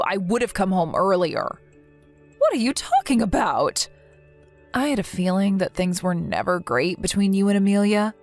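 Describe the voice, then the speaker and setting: A woman voicing a caring, outspoken young woman. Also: fairly low pitch. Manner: firm and reassuring. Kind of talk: text-message story reading.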